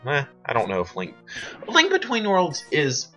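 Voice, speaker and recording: A man's voice: fairly high pitch, wildly swooping pitch, normal speed, fairly bright tone. A man giving a casual game walkthrough, joking and wandering off into tangents as he plays. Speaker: let's play commentator. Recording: dull lo-fi home recording with faint game music. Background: faint game music.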